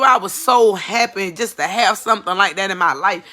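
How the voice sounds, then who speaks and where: A woman's voice: mid-range voice, normal speed, few pauses, sharp tone. A woman giving an emotional personal testimony as a mother, earnest and pleading, repeating phrases for emphasis.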